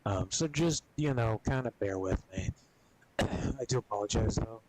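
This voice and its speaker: A man streaming games, chatting casually and rambling with a lot of swearing, coughing and clearing his throat often. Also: on the low side, unhurried, darkish tone, poor audio. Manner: profane, rambling, laid-back. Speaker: gaming streamer.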